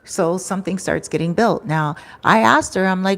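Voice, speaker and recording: Chatty woman telling a story, lowish voice. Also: moderate pace, a bit bright. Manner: chatty, acts out what people said. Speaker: storytime vlogger. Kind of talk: casual storytelling to camera. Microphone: microphone.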